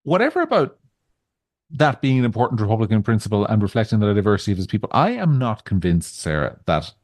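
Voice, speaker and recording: An Irishman from Ireland co-hosts a podcast of casual political chat, speaking in a discursive, wry manner and often restarting his sentences. His voice is on the low side and darkish, very animated and quick, with no echo.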